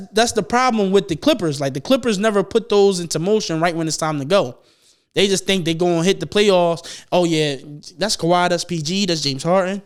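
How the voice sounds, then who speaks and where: A young man hosting a podcast, chatting casually and profanely, getting animated and louder as he gets excited. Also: high-pitched, clean tone. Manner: animated, profane storytelling, rising loud when excited. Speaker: podcast host. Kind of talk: casual chat.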